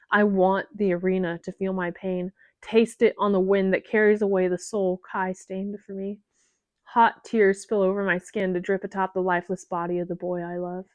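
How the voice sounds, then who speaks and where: A woman's voice: medium pitch, no echo. Woman reading an intense first-person novel. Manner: emotive, voicing her lines with raw intensity. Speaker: audiobook narrator.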